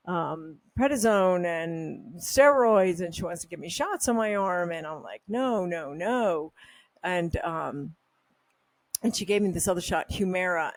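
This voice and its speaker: A woman's voice: lowish voice, no echo. A woman hosting a health vlog, talking casually in a candid, opinionated, rambling way. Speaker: health supplement brand host. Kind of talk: casual talking-head monologue.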